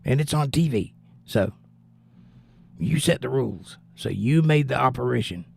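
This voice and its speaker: A man's voice: medium pitch, lively intonation, moderate pace, creaky, breathy edge. A man hosting a live stream, giving blunt, opinionated political commentary in a casual chat style and answering viewers. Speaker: livestream host reading chat.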